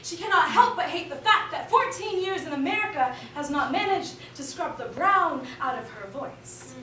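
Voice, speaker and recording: A woman's voice: sits high, lively intonation, moderate pace, sharp tone, recorded from a distance, a little hiss or hum. A young woman performing spoken word poetry on stage, rhythmic and building to impassioned appeals. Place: performance hall. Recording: roomy hall recording from afar.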